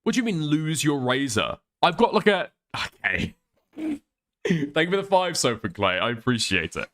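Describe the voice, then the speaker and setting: A man's voice: fairly high pitch, sing-song, normal speed, fairly bright tone. An Irish man streaming live while ill with the flu, reading chat and ranting with lots of swearing and laughter. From Ireland. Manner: profane, ranting, laughing often.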